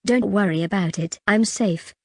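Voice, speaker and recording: A woman's voice: medium pitch, normal speed, darkish tone, no echo, studio quality, natural voice. A woman voicing a tiny, bearded old male kobold janitor, weary and matter-of-fact, in an audiobook.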